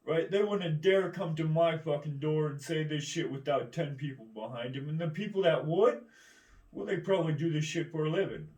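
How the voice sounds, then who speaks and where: Brief: man, rambling profane rant, combative, slightly high voice, distant mic in an echoey room. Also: moderate pace, a little mellow. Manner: heavy swearing, keeps asking "right?".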